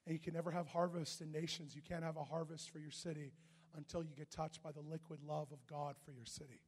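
A man preaching a sermon, telling a story animatedly and often shouting, with a husky voice. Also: fairly high pitch, level tone, fast talker, big-room sound.

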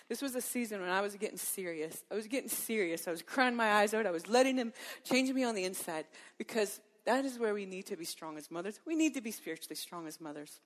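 A woman's voice: mid-range voice, fast. A middle-aged woman telling a personal faith story in a sermon-like talk, acting out her own thoughts and laughing often. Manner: lively storyteller who acts out her own inner dialogue and laughs often. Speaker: Christian women's speaker.

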